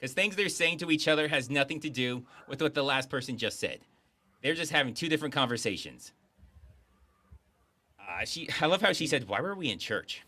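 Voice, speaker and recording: Animated, bright-voiced sarcastic man. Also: a little high, brisk, long pauses. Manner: sarcastic, laughing, mimics lines from the film. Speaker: podcast host reviewing a movie. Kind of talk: casual movie commentary chat.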